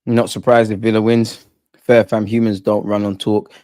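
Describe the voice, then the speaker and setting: Guy doing live footy fan commentary, excitable and slangy, dry close sound. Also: on the low side, normal speed, dry recording. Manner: excitable, chatty, slangy banter. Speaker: football watch-along host.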